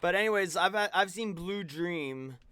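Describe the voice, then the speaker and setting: A man's voice: high voice, moderate pace, pushed and bright, clean tone. A man streaming a video game, chatting casually and rambling with many restarts and fillers. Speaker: streamer co-host. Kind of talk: casual chat while gaming.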